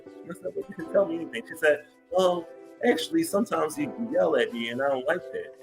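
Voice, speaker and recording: Animated, higher-voiced male podcast host. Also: fast talker, creaky, music in the background, poor audio. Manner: animated storytelling, laughs easily, many fillers. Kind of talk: casual chat. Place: home studio with big lights.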